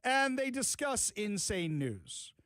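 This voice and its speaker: A man's voice: high voice, very animated, slow pace, fairly bright tone, no echo. A man hosting a talk radio show, mocking and emphatic as he gives his opinions.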